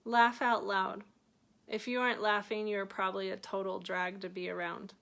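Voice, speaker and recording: A woman reading her own book aloud at a middle pitch. She keeps breaking off for chatty, joking remarks and laughs at her own lines before going back to the page. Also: level tone, normal speed, creaky, a bit bright. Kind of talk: reading aloud with offhand asides.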